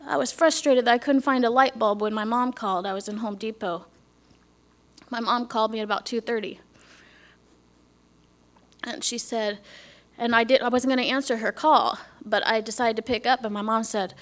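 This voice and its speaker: A woman's voice: on the high side, steady tone, moderate pace. A middle-aged woman giving a personal testimony to a congregation, earnest, sometimes dropping to a whisper and asking the listeners questions. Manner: earnest, drops to a whisper, asks the audience questions. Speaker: speaker giving a church testimony.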